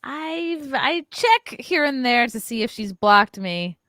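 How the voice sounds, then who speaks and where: A woman's voice: sits high, animated, takes it slowly, fairly bright tone, no echo, clean studio sound. A woman with a Long Island accent, chatting casually as a podcast host. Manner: chatty, rambling. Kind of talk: casual chat.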